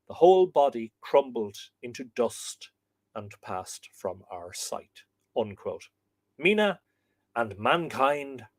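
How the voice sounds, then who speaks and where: An Irish man hosting a live show, reading a book chapter aloud with dramatic pauses and slower quoted passages. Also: mid-range voice, dry recording.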